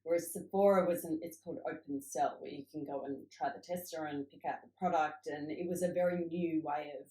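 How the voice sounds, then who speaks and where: A woman's voice: deep voice, steady tone, a little fast, few pauses, warm tone. A middle-aged woman, a cosmetics founder, telling upbeat stories from her career in a casual interview. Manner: reflective storytelling, upbeat. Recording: echoey room.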